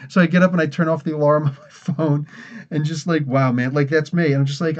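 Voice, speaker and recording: Man, from New Jersey, casual podcast host, tired, rambling, laughs a lot, slightly high voice, muffled lo-fi audio. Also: fairly even intonation, brisk. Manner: rambling, chatty, laughs often. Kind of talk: casual livestream chat.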